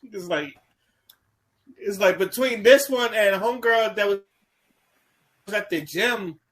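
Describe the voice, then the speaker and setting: A man's voice: high-pitched, slow, a bit bright, poor audio. A man co-hosting a casual podcast, stammering, laughing and ranting in disbelief. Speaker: podcast co-host. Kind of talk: casual chat.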